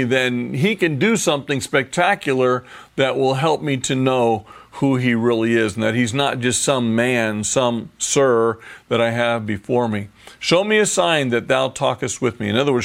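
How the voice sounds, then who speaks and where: A man with a gravelly, mid-pitched voice teaches from the Bible. He reads each passage aloud, then stops to explain it in plain, everyday words. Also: fairly bright tone.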